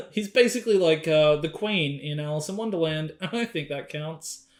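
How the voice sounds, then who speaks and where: A man's voice: fairly high pitch, moderate pace. A man co-hosting a casual film review podcast, joking and laughing often. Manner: laughs often, jokey, animated. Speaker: podcast co-host.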